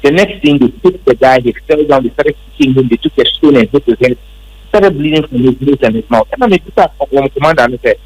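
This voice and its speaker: Husky Ghanaian man telling it emphatically. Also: medium pitch, lively intonation, a little fast, low-quality recording. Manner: emphatic, repetitive storytelling. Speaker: member of parliament. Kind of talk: recounting events in an interview.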